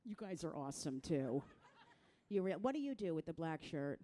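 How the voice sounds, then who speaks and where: A middle-aged woman from New Jersey doing a crude, self-mocking stand-up set, talking straight to the crowd and jumping into loud mock voices. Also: low voice, big pitch swings, moderate pace, a little hiss or hum. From New Jersey, USA. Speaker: stand-up comedian.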